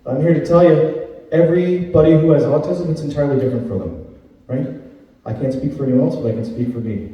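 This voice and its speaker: A man's voice: a little high, fast talker, heavy reverb, big-room sound, far from the mic, lo-fi sound. A man from Canada in his thirties doing a conversational stand-up comedy set, often tagging his lines with "right?". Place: comedy club stage.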